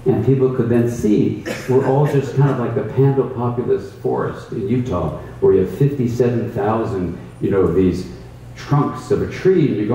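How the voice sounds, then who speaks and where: Low, dark-voiced man in an echoey room. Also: slight background noise. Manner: storytelling, thoughtful, emphatic. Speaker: mindfulness teacher. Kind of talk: reflective conversational explanation. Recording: roomy echo, distant mic, faint ambience.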